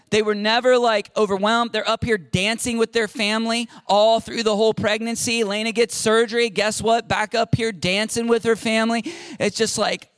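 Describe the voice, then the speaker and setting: A middle-aged male pastor telling a story in a conversational, animated sermon, often repeating his words. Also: sits high, no room sound.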